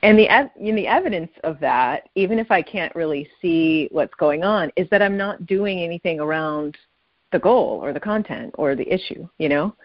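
A woman caller muses her way through her thoughts, with a rather low voice and many small fillers. The sound is dull and lo-fi. It is also dry, with no room around it. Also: lively intonation, no room sound. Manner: musing, many fillers, quick laughs. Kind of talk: casual reflective chat.

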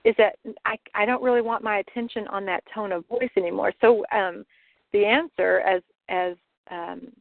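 Woman caller, gravelly, dry tinny phone sound, halting reflective talk. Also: mid-range voice, fairly even intonation, no room sound. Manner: halting, many restarts and laughs. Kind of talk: casual reflective conversation.

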